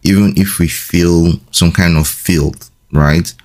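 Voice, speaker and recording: Deep-voiced man summing up slowly. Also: fairly even intonation, darkish tone. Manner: slow, summarizing, affirming. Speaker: co-host. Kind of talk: casual faith chat.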